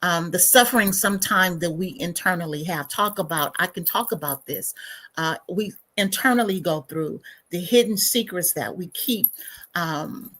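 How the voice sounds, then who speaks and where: A middle-aged woman hosts a spiritual livestream as a counselor, her voice husky and a little low. She speaks in an unhurried, reflective way, often dropping to a soft near-whisper and sighing between thoughts. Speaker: counselor and show host.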